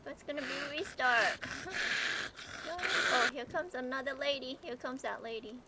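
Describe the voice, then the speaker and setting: A woman streaming a game live, chatting with her viewers, excitable and laughing often as she plays. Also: sits high, a little fast, very noisy. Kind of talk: live gameplay commentary.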